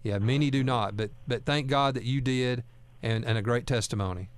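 A man's voice: medium pitch, moderate pace. A man hosting a talk radio show, speaking in a folksy, earnest way and often repeating words as he goes. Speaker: radio host.

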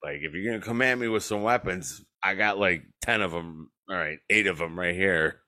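A man with a very low voice tells a story on his podcast in a loose, casual chat. He swears freely, laughs often, and acts out the voices of the people he quotes. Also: moderate pace, sharp tone. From western New York. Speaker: podcast host. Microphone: remote call.

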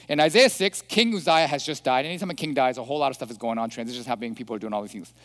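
Male pastor, sermon, slightly high voice, chatty, checks in with listeners, long hall reverb. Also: fairly bright tone. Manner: chatty, asks listeners questions.

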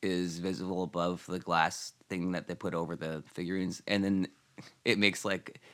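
A man's voice: low voice, level tone, normal speed. A man co-hosting a casual chat about a TV episode, rambling through scenes with many restarts. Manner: rambling, many fillers and restarts, drops into quiet asides. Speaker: podcast co-host.

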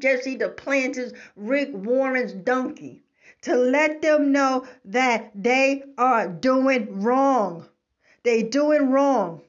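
Slow, emphatic woman preaching. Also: high voice. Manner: emphatic, repeats "okay?" to the listener. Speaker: Bible teacher. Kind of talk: preaching commentary on scripture. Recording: slightly dull lo-fi recording.

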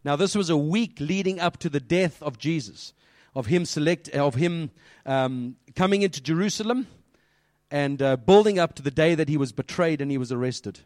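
A man giving a lively children's sermon, asking the listeners questions and quoting scripture. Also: a little high, normal speed, dry recording, studio quality. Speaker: pastor.

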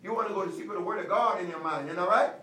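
High-voiced man preaching, echoey and distant. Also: bright, forceful tone, slight background noise. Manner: emphatic preaching with repeated commands, slowing for stress. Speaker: pastor. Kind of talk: sermon.

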